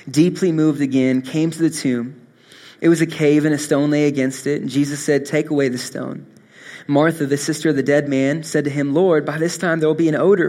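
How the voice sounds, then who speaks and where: Earnest young male pastor, higher voice. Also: creaky. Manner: earnest, swings from soft to impassioned. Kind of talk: sermon.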